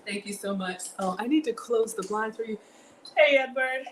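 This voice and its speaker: A woman's voice: a little high, moderate pace, slight background noise, low-quality recording. Chatty woman cooking live. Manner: chatty, thanks viewers and reads out donations. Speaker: home cook livestreamer. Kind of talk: casual livestream cooking chat. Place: home kitchen.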